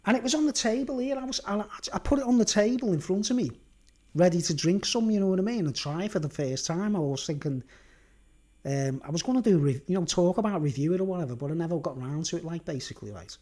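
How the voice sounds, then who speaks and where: A Merseyside man spins a long story in a relaxed livestream from his house, emphatic throughout and regularly asking the listener "right?" and "do you understand?". He speaks fast in a voice that sits high and sounds a little mellow.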